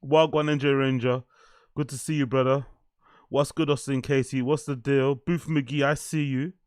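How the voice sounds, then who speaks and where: A man's voice: medium pitch, steady tone, moderate pace, no echo, studio quality. Laid-back young man chatting. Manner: laid-back, swearing, laughs often, reads chat aloud. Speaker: livestream host. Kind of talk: casual livestream chat.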